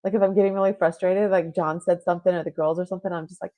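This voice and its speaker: A woman's voice: lowish voice, steady tone, racing, mellow. A woman hosting a spiritual talk show, chatting casually and reading listener comments aloud with lots of fillers. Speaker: podcast host.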